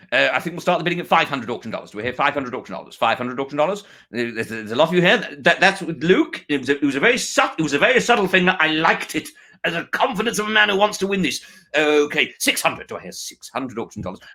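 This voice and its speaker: A man's voice: fairly high pitch, sing-song, quick pace, sharp tone, rough recording. A man hosting a comic online auction, bumbling and hesitant with many fillers but playful. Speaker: comedy auctioneer host.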